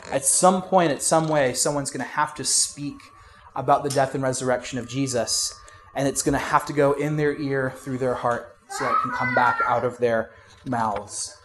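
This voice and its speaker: A man preaching a sermon in a conversational way, with fillers and restarts, going from loud emphasis to quiet asides. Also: mid-range voice, slight background noise. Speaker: pastor.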